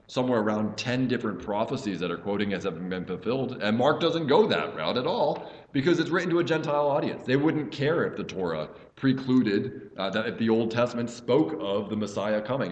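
Male pastor, young adult, earnest Bible-study teacher, recorded in a roomy, reverberant space. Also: fairly low pitch. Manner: earnest, reads scripture aloud with emphasis. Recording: echoey room.

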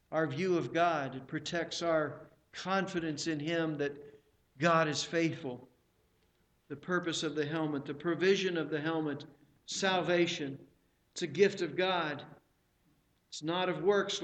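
A man preaching a sermon, speaking emphatically, repeating phrases and slowing and rising when he quotes scripture. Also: a little high, a bit bright.

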